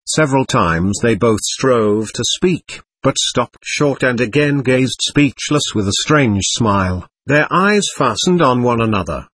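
Husky-voiced male audiobook narrator. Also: mid-range voice, dry recording. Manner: steady storytelling. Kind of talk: audiobook narration of a classic novel.

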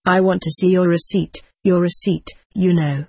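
A woman's voice: fairly low pitch, fairly even intonation, normal speed, a little mellow, breathy edge, no echo, clean studio sound. A woman voicing an irritable, fussy male clerk in a storybook reading.

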